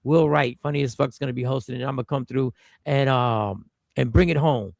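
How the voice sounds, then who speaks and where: A man's voice: mid-range voice, fairly quick, creaky, dry recording. A man hosting a casual livestream, joking loosely and swearing now and then. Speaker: livestream host.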